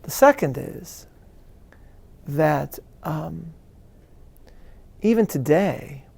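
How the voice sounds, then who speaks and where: Answering interview questions live, a male rabbi speaks in a fairly high, expressive voice that's creaky, darkish, and slightly rough. He lectures earnestly and deliberately, stressing words emphatically and often restarting his sentences.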